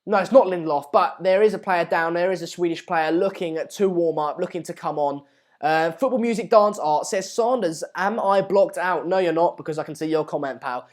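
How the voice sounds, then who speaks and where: A man's voice: high-pitched, fairly quick. A man hosting a live football watchalong, chatting casually and reading out viewer comments. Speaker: live stream host.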